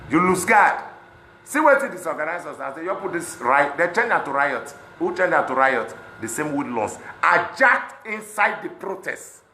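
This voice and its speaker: A Nigerian man with a Pidgin-inflected accent, speaking in an impassioned monologue that swings between loud outbursts and low muttering. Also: big pitch swings, moderate pace, slight background noise. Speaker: celebrity speaking on protests. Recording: echoey room.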